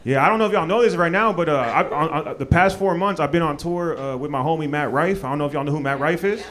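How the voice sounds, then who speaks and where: A man's voice: a little high, fast talker, a bit bright. A man from Maryland doing a stand-up comedy set on a club stage, loose and profane with lots of fillers. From Maryland, USA.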